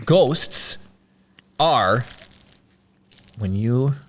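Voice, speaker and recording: A man's voice: medium pitch, drawn-out words. A man co-hosting a podcast, joking around in casual chat and laughing often. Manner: animated, jokey, laughs often. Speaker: podcast co-host.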